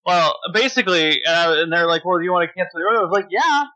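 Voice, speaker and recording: A middle-aged man with a high, bright, forceful voice tells an angry story on a podcast. He swears freely and talks with heat. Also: rapid-fire, lo-fi sound. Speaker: podcast co-host. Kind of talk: casual chat.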